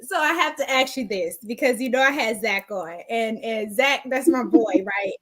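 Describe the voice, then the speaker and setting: A woman's voice: fairly high pitch, moderate pace, fairly bright tone. A woman hosting an interview show, asking questions in a playful, teasing way. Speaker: show host. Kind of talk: casual interview chat.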